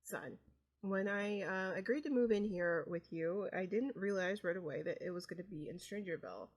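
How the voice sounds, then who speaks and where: A woman voicing a sheepish middle-aged father in a life-sim game, talking haltingly and stammering through a confession. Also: mid-range voice, natural voice. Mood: earnest. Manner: hesitant, stammering.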